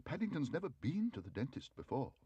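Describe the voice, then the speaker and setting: A man voicing a kindly, worried middle-aged mother who speaks gently and anxiously, husky. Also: mid-range voice, huge pitch swings, fairly quick, no room sound, lo-fi sound, heavily acted.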